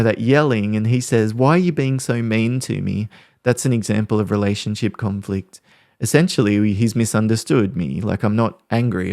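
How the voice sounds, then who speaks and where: A low-voiced man with a gravelly, creaky texture talks calmly through ideas as a podcast host. His voice sits close and dry on the mic, without room sound. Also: dry recording. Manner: calm, explanatory, talks through examples. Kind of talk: podcast talk on parenting conflict.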